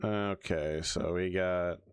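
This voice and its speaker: A man's voice: sits low, steady tone, slow, clean tone, no room sound, studio quality. A man livestreaming, chatting casually and rambling as he plans his next streams, with hiccups. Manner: rambling, restarts often, hiccups.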